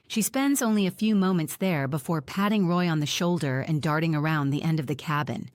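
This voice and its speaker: A woman narrating an audiobook in the first person, reading in an even, measured way. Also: deep voice, no echo, clean studio sound.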